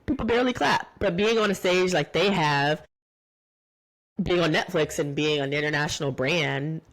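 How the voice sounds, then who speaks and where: Low-voiced woman hosting a chatty podcast. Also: moderate pace. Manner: chatty and heartfelt, many "like"s and restarts. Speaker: podcast host. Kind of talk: casual solo podcast recap.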